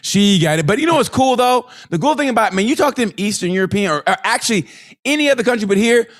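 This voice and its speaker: A man's voice: sits high, lively intonation, quick pace, a bit bright. A man co-hosting a comedy podcast, swearing freely, laughing often and acting out other people's lines. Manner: profane, laughing, acts out quoted voices. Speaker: podcast co-host. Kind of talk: crude comedic banter.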